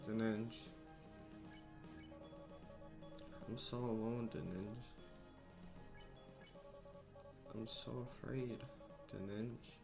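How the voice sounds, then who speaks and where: A man reading out the lines of a young goat-monster boy in a game, soft and halting, as if choked up with regret. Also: lowish voice, steady tone, creaky, music in the background. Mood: pleading. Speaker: gamer reading game dialogue aloud. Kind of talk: dramatic reading of game dialogue.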